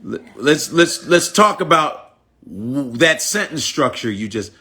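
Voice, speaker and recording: A man's voice: fairly high pitch, sing-song, a little slow, bright, forceful tone. A New York man, a comedian, doing a teasing comic rant on a phone livestream and repeating his punchlines in shifting voices. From the Bronx, New York. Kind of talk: mocking comic rant on a live stream.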